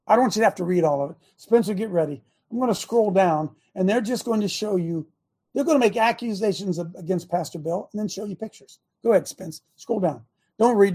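A man hosting a preaching talk show as a pastor, sarcastic and bursting into shouts. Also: high voice, husky. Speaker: pastor and radio host.

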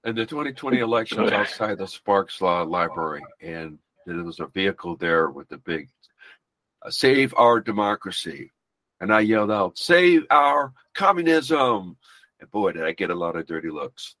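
A man's voice: deep voice, moderate pace, a bit bright, dry recording, poor audio. A man calling in to a talk show, telling a short wry story. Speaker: caller. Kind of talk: call-in anecdote.

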